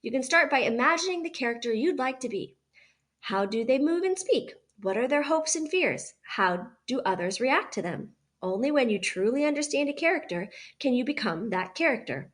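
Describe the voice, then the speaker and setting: A woman's voice: high voice, lively intonation, normal speed. A woman reading aloud, voicing a chatty, dramatic female opossum in a storybook. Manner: gushing, theatrical.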